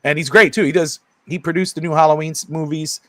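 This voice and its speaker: A man co-hosting a casual sports podcast who tells stories in a quick, animated, rambling way. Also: on the high side, dry recording. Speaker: podcast co-host.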